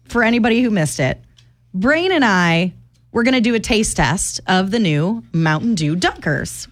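A woman co-hosting a morning radio show, chatting casually and telling stories in a chatty, animated way with frequent laughter. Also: mid-range voice, moderate pace. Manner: chatty, animated storyteller who laughs often. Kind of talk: casual on-air banter. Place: radio studio.

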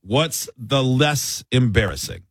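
A man's voice: medium pitch, takes it slowly, dry recording, clean studio sound. A man hosting a radio show, joking and laughing with his co-hosts in casual banter. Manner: joking, lively, laughs often.

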